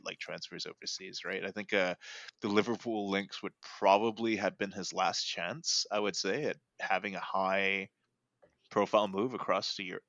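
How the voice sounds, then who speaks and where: A man's voice: low voice, fairly bright tone, no room sound, dull audio. A man hosting a casual sports podcast, rambling and thinking aloud with lots of fillers. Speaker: podcast host.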